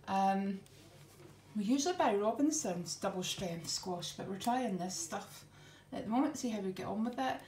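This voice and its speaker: A middle-aged woman vlogger talks through her grocery haul in a casual, homely way, with lots of ums and a slight breathlessness. Her mid-range voice is a little mellow, with lively intonation and a moderate pace. The room is echoey with faint background noise.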